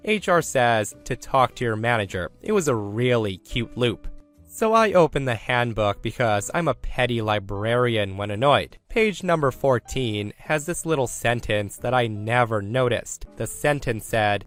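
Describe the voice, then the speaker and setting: A man reading stories aloud in a steady, scripted narration. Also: medium pitch, a little slow, faint music behind. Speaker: story narrator.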